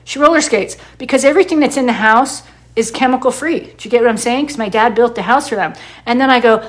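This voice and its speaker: Talking fast in a fairly high voice, a middle-aged woman who cuts hair and promotes wellness speaks passionately to the camera. She swears heavily, stays blunt, acts out her own lines of dialogue, and hammers points home by repeating them.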